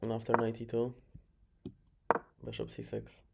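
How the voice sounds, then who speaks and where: A man's voice: mid-range voice, completely flat delivery, normal speed. A man casually reviewing his own chess games, muttering moves, correcting himself and chuckling along the way. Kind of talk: casual game review commentary. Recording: clear background noise.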